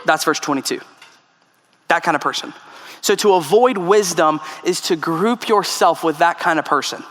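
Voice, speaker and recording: A man's voice: fairly high pitch, normal speed, fairly bright tone. A man preaching a sermon as pastor, emphatic, with rhetorical questions to the congregation. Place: church sanctuary. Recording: long hall reverb.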